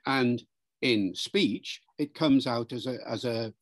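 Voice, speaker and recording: A man's voice: medium pitch, takes it slowly. A man, a linguistics professor, explaining pronunciation in an interview in a lecturing way and demonstrating sounds aloud.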